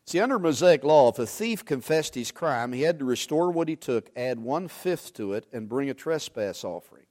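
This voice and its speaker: A man preaching a sermon, animated, swinging from loud emphasis to hushed asides and quizzing the congregation. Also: medium pitch, moderate pace. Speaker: pastor.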